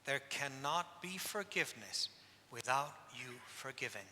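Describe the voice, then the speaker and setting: A man's voice: mid-range voice, unhurried, slight background noise. A man, a priest, preaching a sermon at a penitential service, telling stories with emphatic repetition. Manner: emphatic, repeats key phrases, animated storytelling. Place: church. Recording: long church hall reverb.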